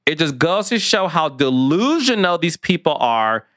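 A man hosts a gossip podcast in a fairly high, very animated voice at normal speed, slightly bright, with clean studio sound and no room echo. He's sassy and chatty, calling listeners "child" and "honey."

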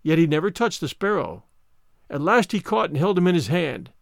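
A man reading fairy tales aloud in a measured, expressive storytelling manner. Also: on the high side, creaky, no room sound, studio quality.

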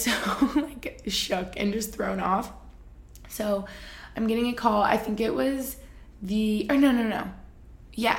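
Chatty young woman with vocal fry. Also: on the high side. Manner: chatty, lots of fillers, laughs while telling stories. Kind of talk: casual storytelling chat.

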